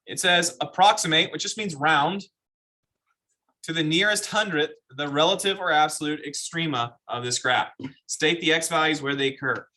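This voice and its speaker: A man's voice: a little high, moderate pace, bright, forceful tone. A man teaching a math class, explaining step by step and asking the students questions. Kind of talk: classroom lecture.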